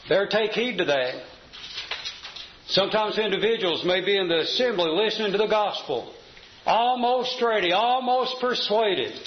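Male preacher, high voice, deliberate sermon delivery, echoey lo-fi church sound. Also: a little hiss or hum. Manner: measured preaching, slows to stress scripture. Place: church assembly hall. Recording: echoey, slightly dull church recording.

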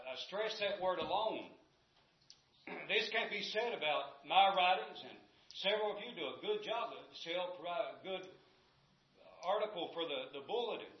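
A man teaching a church Bible class, reading scripture aloud and putting questions to his students. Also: on the high side. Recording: echoey room, dull lo-fi sound.

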